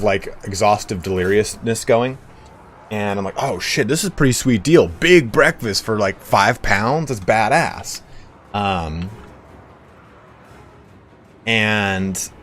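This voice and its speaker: A man's voice: on the low side, a little hiss or hum. A man streaming a game, telling a story in a chatty, rambling way, swearing freely. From United States. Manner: chatty, swears freely, slips into mock voices.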